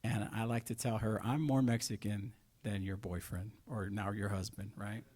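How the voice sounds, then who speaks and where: A middle-aged man preaching a sermon, asking rhetorical questions and moving between quiet asides and loud stressed points. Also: lowish voice, little pitch movement, moderate pace.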